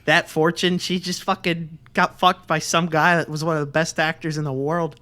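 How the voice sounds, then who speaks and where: A man's voice: a little high, normal speed. A young man co-hosting a podcast, rambling and swearing as he tells stories in casual chat. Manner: rambling, profane, animated storytelling. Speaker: podcast co-host.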